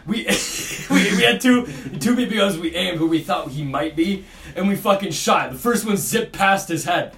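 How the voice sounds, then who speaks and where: Young man, high and bright-toned, crude laughing storyteller, a bit far from the mic in a roomy space. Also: lively intonation, normal speed, gravelly. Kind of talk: casual podcast chat. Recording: echoey room, distant mic, faint noise.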